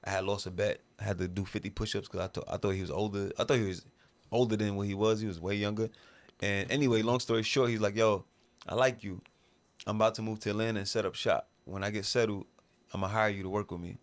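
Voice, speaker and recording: A man's voice: lowish voice, steady tone, quick pace. A man with a New York accent from Brooklyn, telling a long story in a podcast interview and acting out quoted voices with slang. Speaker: interview guest. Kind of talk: casual storytelling.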